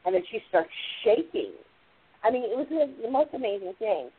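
A woman's voice: mid-range voice, big pitch swings, brisk, background noise. Woman on a tinny phone line. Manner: rambling, repeats "like" and "literally". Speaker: radio show host, spiritual channeler. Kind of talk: casual spiritual explanation.

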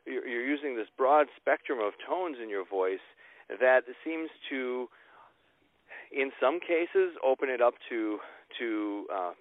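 Man, interview host, halting, rephrases often, tinny phone sound, mid pitch. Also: animated, no room sound. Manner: thinks aloud with many restarts. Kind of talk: interview conversation. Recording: tinny phone-like line, dry.

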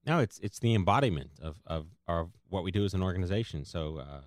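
A man hosting a casual podcast chat, rambling and halting with many fillers. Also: deep voice, animated, no room sound, studio quality. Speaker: podcast host, co-founder of the organization.

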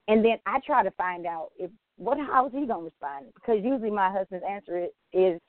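A woman's voice: mid-range voice, fairly quick, few pauses, no echo. Woman on a tinny phone line. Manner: candid, animated storytelling with quoted asides. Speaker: panelist. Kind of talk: church women's panel discussion.

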